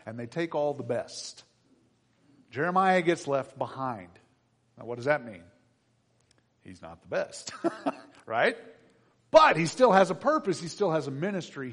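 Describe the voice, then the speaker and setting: A man preaches to his congregation in a fairly high, very lively voice. He drops into quiet, chatty asides and then climbs into loud, emphatic build-ups, often turning to the crowd and the kids with questions. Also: long reverb tail. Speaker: pastor. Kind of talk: sermon.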